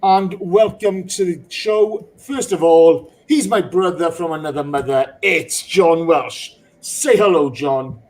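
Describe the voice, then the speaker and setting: Emotional podcast host, halting speech. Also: male voice, a little high, a little mellow, poor audio. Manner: emotional, halting with many ums. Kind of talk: casual football podcast chat.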